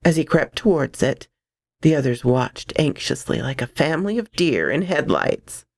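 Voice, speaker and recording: A woman reading a horror story aloud, expressive and dramatic, close to the microphone. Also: low voice, normal speed, dry recording.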